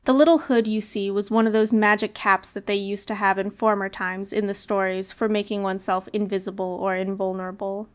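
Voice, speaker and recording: A woman narrating a fairy tale in a lively storytelling manner. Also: medium pitch, clear, resonant tone. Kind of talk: storybook reading.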